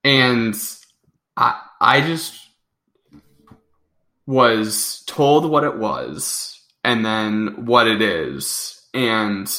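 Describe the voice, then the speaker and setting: A man's voice: on the low side, expressive, extremely slow, sharp tone. A young adult man co-hosting a podcast, chatting casually and rambling with frequent self-corrections. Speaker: podcast co-host. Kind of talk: casual chat.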